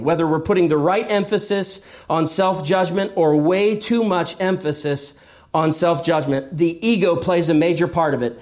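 A man's voice: fairly high pitch, a little mellow. A man preaching a sermon, speaking emphatically and asking rhetorical questions, sometimes acting out a believer's inner voice. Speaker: pastor.

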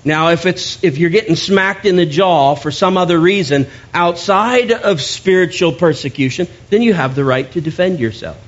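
A man's voice: high voice, moderate pace, few pauses, highs cut off. A man preaching a sermon to his church, talking in a conversational way with joking asides. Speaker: pastor.

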